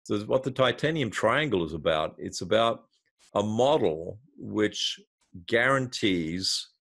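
A man who is a marketing consultant, a guest in an interview, explaining his ideas through a lively step-by-step storytelling example. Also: on the low side, a little slow, gravelly.

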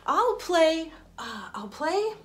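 A woman violin teacher explaining in a studio, gentle and encouraging, with small restarts as she talks. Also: very high-pitched, sing-song, slow. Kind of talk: friendly instructional explanation. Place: recording studio.

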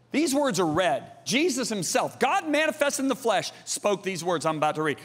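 A middle-aged man preaching a sermon, emphatic and animated, swinging between loud and hushed delivery. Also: high-pitched, normal speed, few pauses. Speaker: pastor. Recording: long hall reverb.

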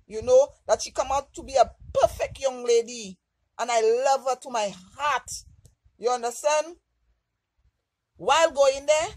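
Woman, storytime vlog, emotional, candid, highish voice, dry close sound. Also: a little mellow, no echo, poor audio. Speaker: vlogger.

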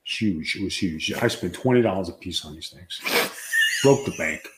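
A man co-hosting a podcast who teases his wife in a calm, low-key way and then tells a story. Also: normal speed. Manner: teasing and low-key, playing it cool. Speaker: podcast co-host. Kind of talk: comic married-couple banter.

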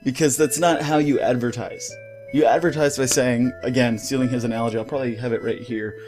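Brief: male gaming vlogger, mid-range pitch, heated profane rant, studio mic, soft music underneath. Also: fairly even intonation, fairly quick. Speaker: gaming YouTuber. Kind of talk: ranting vlog commentary. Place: home recording setup. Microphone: studio mic with pop filter.

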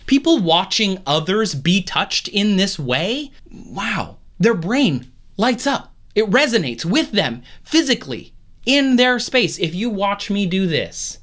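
A man's voice: high voice, big pitch swings, slow, fairly bright tone. A man hosting a science explainer video at home, talking casually with playful, jokey asides.

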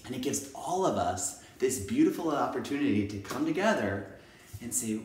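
A man who teaches kindergarten, talking to camera in an energetic, playful and emphatic way. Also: medium pitch, moderate pace, a little hiss or hum. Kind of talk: enthusiastic video talk to camera. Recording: echoey room, mic at a distance.

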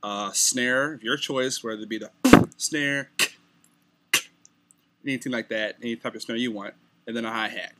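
A man's voice: mid-range voice, fairly even intonation, fast talker, music in the background. A young man making a casual beatbox tutorial, talking loosely and stumbling over words. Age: young adult.

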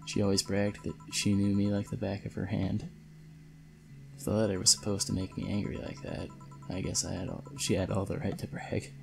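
A guarded, weary young bartender woman tells of old worries in a game's story, read by a man in his plain voice. The voice sits low and has a gravelly fry. Soft music plays faintly behind. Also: level tone, normal speed. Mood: brooding.

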